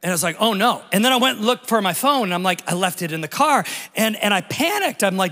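Bright-voiced pastor preaching in a hall. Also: male voice, high-pitched, fast talker. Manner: lively, conversational, jokey. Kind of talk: Easter sermon with storytelling. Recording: long hall reverb.

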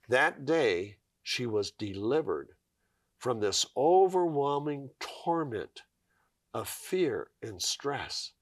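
A man's voice: mid-range voice, dry recording, clean studio sound. A man giving a devotional talk, telling a story earnestly and quoting scripture. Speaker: Christian speaker.

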